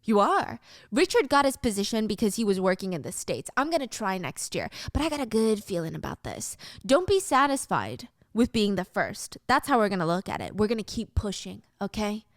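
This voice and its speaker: A woman voicing a flattering, eager middle-aged male manager in a drama recap. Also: medium pitch, brisk, no room sound, clean studio sound. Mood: fawning.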